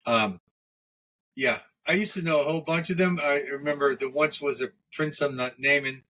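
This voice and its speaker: A man in a casual podcast chat, telling crude jokes in a rambling, halting way that is full of restarts. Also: on the high side, sharp tone. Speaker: podcast co-host.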